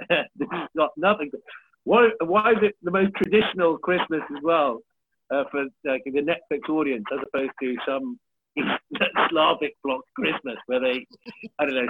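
A man in his thirties, a comedian chatting as a podcast guest, joking about himself and swearing freely. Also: on the high side. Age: 30s. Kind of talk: casual chat. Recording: tinny phone-like line with faint hiss.

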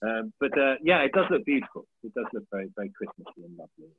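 With a sing-song, medium-pitched voice and a breathy edge, a comedian in his thirties chats quickly and casually as a podcast guest, cracking self-deprecating jokes and swearing freely. The audio is dry but has a tinny, phone-line quality and a faint hiss.

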